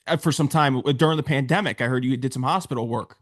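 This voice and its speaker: A man's voice: mid-range voice, quick pace. A man hosting an interview, asking conversational questions. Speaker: show host. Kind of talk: interview host.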